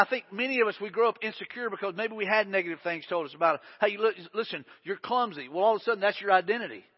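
A high-pitched man preaches a sermon in a church, his voice carrying a long reverb through the big room. The sound is dull and muffled, and he talks in an earnest way, repeating words as he drives a point home. He comes across as a pastor speaking to his congregation. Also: husky.

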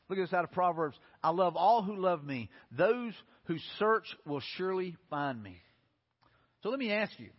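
A man's voice: sits high, husky, big-room sound, dull audio. A man preaching a sermon in an earnest way, building to impassioned pleading. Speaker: pastor.

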